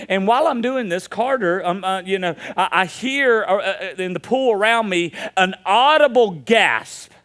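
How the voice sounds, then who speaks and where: A man in his thirties preaching a sermon, telling funny stories with animated delivery. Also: high-pitched, clear, resonant tone. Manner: storytelling, joking, animated. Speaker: pastor.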